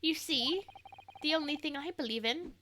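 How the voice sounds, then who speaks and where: A woman puts on an eccentric gentleman detective from a story game, breezy and grandly philosophical. The voice sits high and bright for a man. It is delivered as a game read-aloud. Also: normal speed, a little hiss or hum. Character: airy eccentric male British detective.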